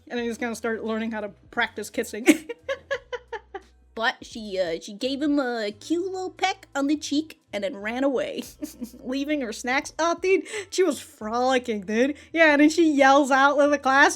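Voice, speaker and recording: A woman giving excitable, casual reaction commentary on an anime, laughing often, swearing freely and calling everyone "dude". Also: high voice, moderate pace.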